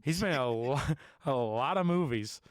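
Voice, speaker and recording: A man's voice: medium pitch, expressive, normal speed, smooth, dry recording. Brief: man, comedy podcast host, rambling banter, clean tone on a dry close mic. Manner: teasing, laughs often, rambling. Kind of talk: casual comedic chat.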